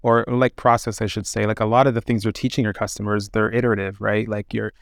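A man's voice: fairly low pitch, little pitch movement, quick pace, vocal fry, no echo, studio quality. A man hosting a podcast, asking questions casually with lots of fillers. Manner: loose, many fillers. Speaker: podcast host. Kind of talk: casual interview.

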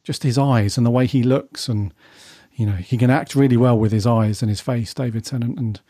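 A man from Britain hosting a podcast, leading a casual chat in a relaxed way. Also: mid-range voice, a little fast, no echo, studio quality. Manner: relaxed, leads the discussion. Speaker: podcast host.

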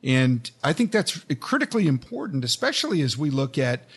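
A man hosting an interview, reflecting on and summing up his guest's points before he asks the next question. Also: a little high. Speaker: host. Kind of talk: interview conversation.

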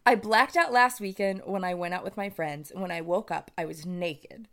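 A woman's voice: fairly low pitch, normal speed. A young woman with a Michigan accent, co-hosting a podcast, reading listener confessions in a candid, giggly way. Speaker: podcast co-host. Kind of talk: casual chat.

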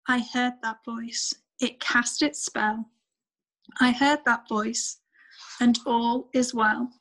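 A woman, the author, reading her rhyming bedtime story in a gentle, measured way. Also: on the high side, steady tone, rough recording.

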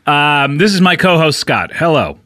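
A man's voice: a little high, big pitch swings, moderate pace, sharp tone, slight background noise. A man hosting a casual comedy podcast, playful and teasing, laughing often. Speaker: podcast host.

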